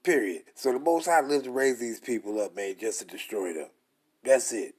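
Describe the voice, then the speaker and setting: A young man preaching and reading scripture aloud, emphatic and blunt, dropping into a slow, deliberate pace for the verses. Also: mid-range voice, darkish tone, slightly rough. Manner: emphatic, blunt and profane, slows way down to read verses. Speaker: scripture teacher.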